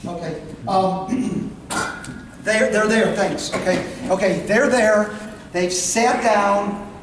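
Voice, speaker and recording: In a meeting room, a man leads a sales training session with a folksy manner, playing out the lines he'd say to customers. His voice is high-pitched and he takes his time. He's speaking without a microphone, away from the recorder, so the sound is roomy and distant with faint room noise.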